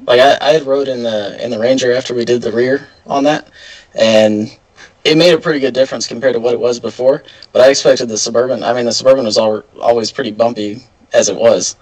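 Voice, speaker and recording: Male guest, relaxed and halting, casual chat. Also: medium pitch, rough recording.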